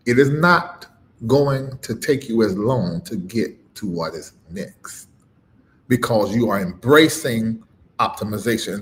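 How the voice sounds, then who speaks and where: Emphatic preaching man. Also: a little hiss or hum. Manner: emphatic, swings between loud punches and low murmurs; repeats phrases with a rising preacher cadence. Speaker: preacher and livestream host. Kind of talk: preaching on a live stream.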